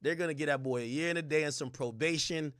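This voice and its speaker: A man streaming live reaction commentary in a loud, joking, profane rant. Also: fairly high pitch, fast, no room sound, studio quality.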